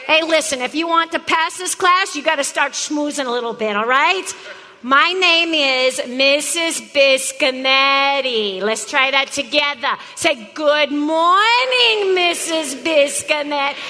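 A woman's voice: sits high, normal speed, hardly any pauses, pushed and bright, long reverb tail. An actress playing a pushy, brash botany teacher who teases her class in a comedy sketch. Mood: brassy. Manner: brassy, teasing, talks straight at a class. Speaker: comic actor playing a teacher.

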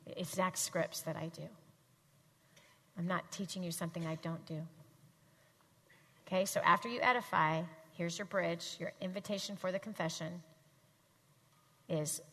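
A woman teaching a live audience in a faith-based talk, emphatic and animated, often having the crowd repeat lines after her. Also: lowish voice, normal speed, long pauses. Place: large hall with audience. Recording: long hall reverb.

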